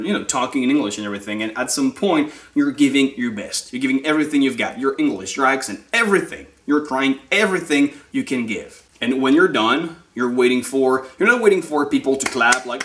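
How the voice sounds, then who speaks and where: A man's voice: medium pitch, a bit bright. A young French-accented man gives a motivational talk straight to the camera, his voice sitting in an ordinary middle register. He pushes his points with rhetorical questions and urging repetition, and his voice rings off the walls of an echoey room. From France. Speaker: vlogger.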